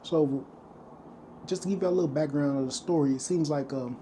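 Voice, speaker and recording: A male vlogger with a fairly high, dark-toned voice speaks briskly as he casually retells a story to camera, loosely recounting events and acting out the quoted lines of the people involved. Slight background noise is present.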